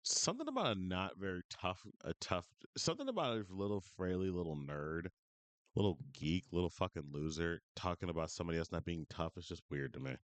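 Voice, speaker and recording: A man's voice: low-pitched, dry recording. A man streaming reaction commentary, ranting with profane, berating incredulity into a close mic.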